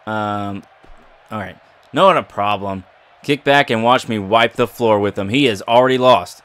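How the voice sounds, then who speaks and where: A gaming YouTuber with a lowish, slightly bright voice speaks at a measured pace. He gives casual, playful, jokey commentary over a wrestling video game and talks back to its characters.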